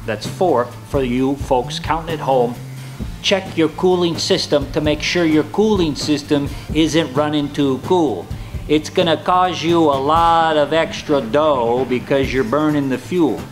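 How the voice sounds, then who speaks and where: A man's voice: fairly high pitch, close to an everyday voice. A man playing a folksy, hammy car dealer, delivering a comedic sketch monologue in salesman patter. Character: hammy, folksy male used-car dealer giving tips.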